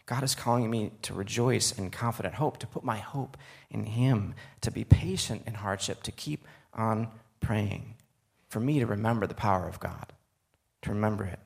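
A man delivers a sermon in a somewhat low, gravelly voice. He moves between reading scripture and talking directly to his listeners in an earnest, conversational way. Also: normal speed. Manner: earnest, conversational asides to the audience. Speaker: preacher.

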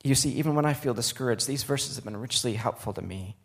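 A man's voice: medium pitch, quick pace, vocal fry. A man preaching a sermon, reading scripture aloud and turning to the listeners with earnest, conversational asides.

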